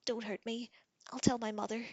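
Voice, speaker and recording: Seorang perempuan membacakan suara pangeran remaja laki-laki yang kejam, mengejek dan angkuh. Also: female voice, low voice, animated, moderate pace, fairly bright tone, breathy edge, no echo, muffled recording, full character voice. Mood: panicked. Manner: sneering, taunting. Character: cruel arrogant teenage prince, boy.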